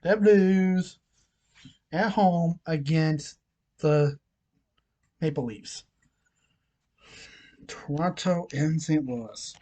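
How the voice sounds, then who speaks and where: Extremely slow and pausing often, the mid-range voice carries a dark tone. It's a hockey vlogger with a frog in the throat and a lingering cough, chatting through scores, odds and picks in a casual rundown full of fillers.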